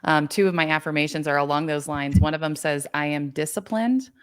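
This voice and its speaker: A woman's voice: sits low, level tone, fast, smooth. A woman hosting an interview show, affirming her guest enthusiastically and sharing her own thoughts. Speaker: podcast host. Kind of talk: conversational interview.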